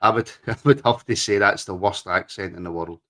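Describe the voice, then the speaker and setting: Chatty man, lowish voice. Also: fairly quick, sharp tone. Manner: chatty, laughs often, reads out viewer comments. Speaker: podcast co-host. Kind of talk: casual chat.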